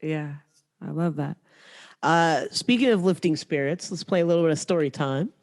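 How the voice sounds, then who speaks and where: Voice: medium pitch, moderate pace. A podcast host in casual chat, listening encouragingly and leading a party game with frequent affirmations.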